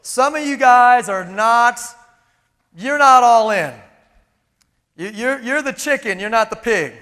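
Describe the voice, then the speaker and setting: High, sharp-voiced man preaching in a hall. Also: slow pace. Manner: energetic, emphatic, with rhetorical questions. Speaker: motivational speaker. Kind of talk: live motivational keynote. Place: large event hall on stage. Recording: long reverb of a large hall.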